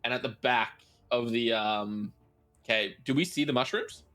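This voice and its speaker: A man's voice: mid-range voice, a little slow, a bit bright, faint music behind. A man playing a tabletop game, describing what his character does in a playful, hesitant way. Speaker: player.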